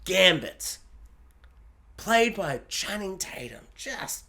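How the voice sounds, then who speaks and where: Excitable man with a higher voice. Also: moderate pace. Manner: excitable, jokey, acts out reactions. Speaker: film reviewer. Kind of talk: casual spoiler review to camera.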